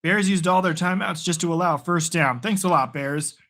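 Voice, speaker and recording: Bright-voiced man calling plays live. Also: on the high side. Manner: casual, chatty, quick bursts of play calling. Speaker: host. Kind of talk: live play-by-play and reaction.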